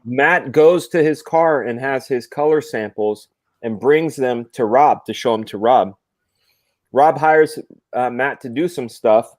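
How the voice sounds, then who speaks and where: A man's voice: mid-range voice, unhurried, a little mellow, dry recording. A man hosting a casual chat, telling rambling, joking stories with the odd swear word. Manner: loose, swearing, laughing anecdotes. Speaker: show host, comic artist.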